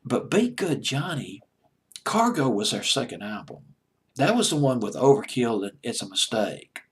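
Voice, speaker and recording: Southern guy with a husky voice just rambling casually about old pop songs, mid pitch. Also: big pitch swings, moderate pace. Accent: American Southern. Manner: rambling, chatty, self-mocking. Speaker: music countdown host. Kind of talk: casual music commentary.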